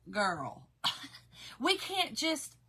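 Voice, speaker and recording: A woman's voice: on the high side, expressive, measured pace, bright, forceful tone. A woman with a Southern Appalachian accent, chatting casually to her viewers as a crafting host, telling stories and laughing often. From Kentucky and Georgia, USA.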